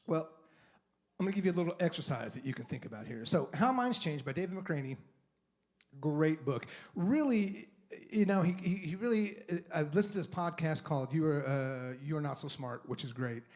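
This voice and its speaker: Man, guest speaker at a church service, slightly high voice, casual rambling delivery. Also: animated, normal speed, darkish tone. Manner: conversational, rambling with restarts and acted inner monologue. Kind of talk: sermon talk. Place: church sanctuary.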